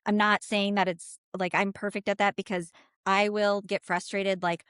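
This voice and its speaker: A woman with a Minnesota accent, a guest on a podcast, talking in a lively casual way with lots of "like" and "you know". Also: mid-range voice, moderate pace, clean tone, dry recording, clean studio sound. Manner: animated, talks with her hands in words, lots of "like" and "you know".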